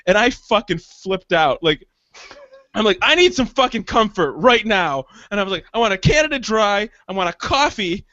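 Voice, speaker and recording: High-voiced man telling a rambling story. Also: expressive, normal speed, bright, forceful tone, no echo, muffled recording. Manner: profane rambling storyteller, laughs often. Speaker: podcast co-host. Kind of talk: casual comedic chat.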